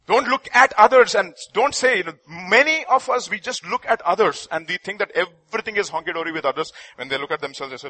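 A man preaching a sermon with a husky voice, stressing key phrases and repeating them. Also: high-pitched, animated, fairly quick, hardly any pauses, pushed and bright, no room sound. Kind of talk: sermon with storytelling.

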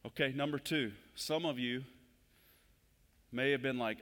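A pastor giving a conversational sermon in a church. His delivery swells louder and higher whenever he stresses a point. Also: measured pace, long pauses. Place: church sanctuary. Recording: long hall reverb.

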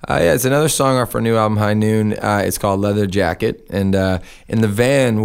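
A Canadian-born musician speaks in a low, gravelly yet smooth voice. He chats in a laid-back way, scattering filler words as he goes. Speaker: musician guest. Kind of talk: casual interview chat. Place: radio studio.

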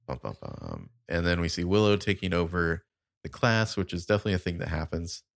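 A man co-hosting a podcast, recapping a show in a relaxed, filler-heavy way over a remote call. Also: deep voice, fast, vocal fry, no room sound, studio quality. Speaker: podcast co-host. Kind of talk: casual chat. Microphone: remote call setup.

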